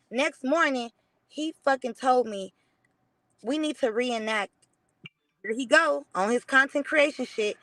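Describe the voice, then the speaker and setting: A woman's voice: on the high side, no room sound. A young woman casually telling a profane story on a livestream, acting out the dialogue. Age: young adult. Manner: profane, animated retelling with quoted dialogue. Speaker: guest.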